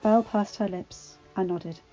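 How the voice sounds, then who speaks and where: A woman narrating a fan-fiction story in a steady, expressive reading. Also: medium pitch, unhurried. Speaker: audiobook reader. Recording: dull lo-fi recording with faint music.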